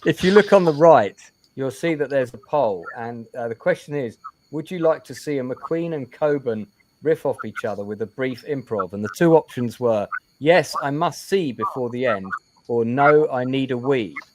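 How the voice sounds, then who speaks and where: A man's voice: mid-range voice, animated, moderate pace, darkish tone, a little hiss or hum. A man hosting a casual interview over a video call, chatty and repeating words as he gathers his thoughts. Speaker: interview host.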